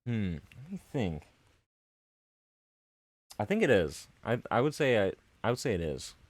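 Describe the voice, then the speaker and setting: A man's voice: on the low side, big pitch swings, unhurried, no room sound. A man co-hosting a podcast, telling rambling stories in casual chat. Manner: rambling, storytelling. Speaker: podcast co-host.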